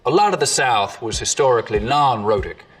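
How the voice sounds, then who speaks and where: A man's voice: mid-range voice, lively intonation, a little fast, fairly bright tone, far from the mic. A man hosting a lesson on accents, narrating from a script and demonstrating sounds as he explains them. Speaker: host and dialect coach.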